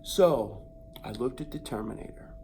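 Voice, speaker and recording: Animated man telling a wild story. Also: on the high side, measured pace. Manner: animated, acts out sounds and voices; dramatic, builds suspense. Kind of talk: comic personal anecdote.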